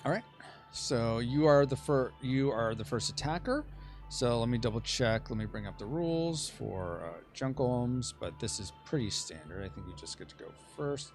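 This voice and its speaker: A man's voice: medium pitch, expressive, normal speed, soft background music. A man hosting a casual board game playtest, chatting and checking the rules aloud. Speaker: game host.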